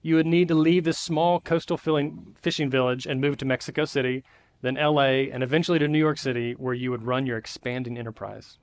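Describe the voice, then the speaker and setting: Brief: an eager, pushy banker selling a big plan, brisk and upbeat, as a preacher acts him out in a sermon story. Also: male voice, mid-range voice, fairly even intonation, natural voice. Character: American investment banker, brash, eager, pushy.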